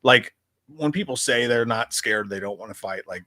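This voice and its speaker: A man co-hosting a casual chat, telling stories in a lively, excitable way and laughing often. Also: medium pitch, moderate pace, no room sound. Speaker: podcast co-host.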